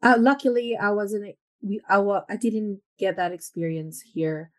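A woman from the Philippines, speaking English with an American twang as a podcast guest, telling stories with lively acted quotes. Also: medium pitch, measured pace. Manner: animated storyteller, acts out quoted talk. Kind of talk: casual podcast chat.

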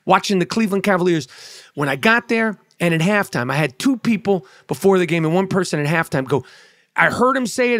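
High-voiced man in a heated, cursing rant. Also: a bit bright, no echo, studio quality. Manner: heated, blunt and sarcastic, with repeated stammered restarts. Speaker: comedian. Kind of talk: profane sports rant.

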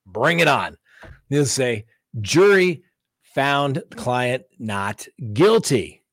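Middle-aged male lawyer host, lively storyteller who acts out the courtroom, mid-pitched voice, dry close recording. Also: no room sound. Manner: animated storytelling, acting out courtroom exchanges. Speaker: defense attorney. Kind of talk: casual chat answering viewer questions.

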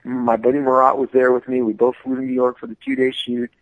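Animated, stammering man telling stories. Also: mid-range voice, fast talker, gravelly, dry recording, phone-quality sound. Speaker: podcast guest, comic artist. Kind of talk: casual storytelling.

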